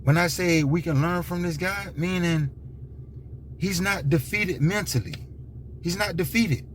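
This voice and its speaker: A man's voice: high voice, a little slow, slight background noise. A man giving an unscripted monologue, rambling and repetitive, with emphatic restarts and many fillers. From United States. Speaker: commentator.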